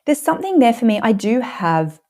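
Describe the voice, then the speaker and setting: A woman's voice: a little high, fairly quick. A woman in her thirties with an Australian accent, a podcast guest telling a story and acting out the people she quotes. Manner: animated, acts out quotes. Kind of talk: casual storytelling.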